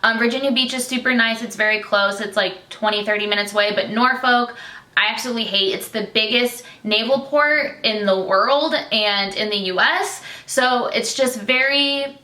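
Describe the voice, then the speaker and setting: A woman's voice: a little high, normal speed, sharp tone, echoey room. A young woman from Michigan talking candidly to camera in a personal vlog, chatty with many fillers and tearful at times. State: tearful, getting emotional. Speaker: vlogger, military wife.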